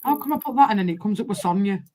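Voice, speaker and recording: A Northern English woman hosts a live football watchalong stream. She talks in a loose, blunt way, swears freely and keeps saying "I can't lie." Her voice sits in a middle pitch. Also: lively intonation, very fast, heavy background noise. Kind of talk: casual live-stream chat.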